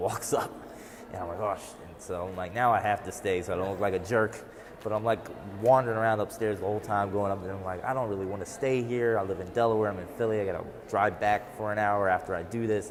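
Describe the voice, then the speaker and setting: A man's voice: lowish voice, long reverb tail. A man telling a rambling, self-mocking story in casual conversation, acting out his own thoughts as he goes. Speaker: interviewee, open mic performer. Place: art gallery opening.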